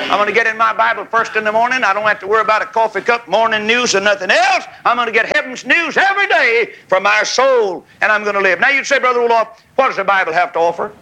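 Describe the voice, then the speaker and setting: A man preaching a revival sermon in a tent, folksy and fiery, rising to shouts, with a congregation calling back amens. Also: high-pitched, poor audio. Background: congregation calling amen.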